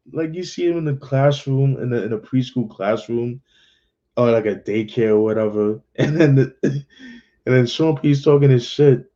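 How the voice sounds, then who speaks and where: A man giving a casual, slangy album review, relaxed and loose with lots of fillers. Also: fairly low pitch, highs cut off. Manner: laid-back, slangy, many fillers and restarts.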